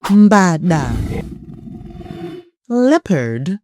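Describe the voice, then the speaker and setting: A woman teaching children's vocabulary flashcard-style, saying each word slowly and repeating it. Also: lowish voice, sing-song, noisy background. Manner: slow, sing-song, repeating each word.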